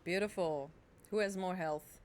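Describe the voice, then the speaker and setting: A woman's voice: on the low side, a little slow. A woman streaming a video game, talking casually with sarcasm, swearing and frequent laughs. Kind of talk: casual gaming commentary.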